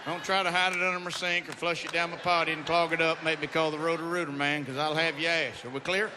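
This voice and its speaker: A middle-aged stand-up comedian with a drawl spins a meandering, profanity-laced story. His voice sits high for a man. The live recording is noisy, with an audience laughing in the room. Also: level tone, fast. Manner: profane, rambling, Southern drawl storytelling with acted-out quotes. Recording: noisy live venue sound.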